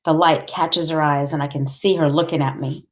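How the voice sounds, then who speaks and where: Low-voiced woman reading a novel. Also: steady tone, moderate pace. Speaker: audiobook reader. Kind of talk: first-person novel narration.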